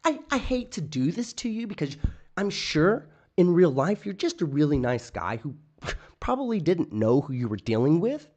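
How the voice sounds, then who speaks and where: A whiny, sugary man who calls you nice right before threatening to sue you, put on by a streamer in mockery. The voice jumps well above the speaker's normal pitch and gets thin and pleading. The politeness is plainly fake. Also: big pitch swings, normal speed, darkish tone, muffled recording. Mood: mock sweet. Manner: mock-polite, whiny, mocking. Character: simpering man sweetly threatening lawsuits.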